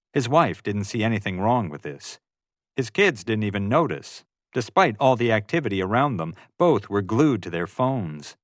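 A man's voice: mid-range voice, no echo. A man giving first-person audiobook narration in a wry, storytelling manner.

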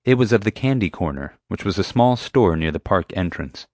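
Lively low-voiced male audiobook narrator. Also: moderate pace, dry recording, studio quality.

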